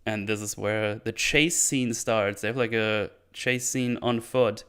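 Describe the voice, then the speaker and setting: Rambling through a casual recap of a martial arts film, this male film reviewer swears freely and slips into quick voices for the characters. He sounds on the low side, steady, fairly bright and smooth.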